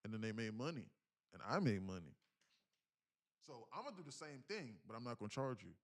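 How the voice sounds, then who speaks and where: Profane, animated man streaming day trading. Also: mid-range voice, fairly quick. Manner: animated, profane, slangy, restarts often. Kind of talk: casual live-stream talk.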